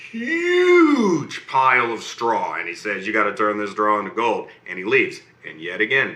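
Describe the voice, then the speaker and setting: Man telling a lively bedtime fairy tale. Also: on the low side. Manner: animated, keeps checking in with okay and right. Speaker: storyteller reading to a child. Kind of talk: bedtime story narration. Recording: roomy echo.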